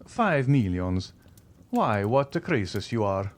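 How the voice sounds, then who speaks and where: A man voicing a wealthy, suave nobleman in an audiobook, speaking with smooth, mocking courtesy. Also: on the low side, very animated, slow pace. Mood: ironic. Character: wealthy, suave, coolly ironic male nobleman. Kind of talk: audiobook character reading.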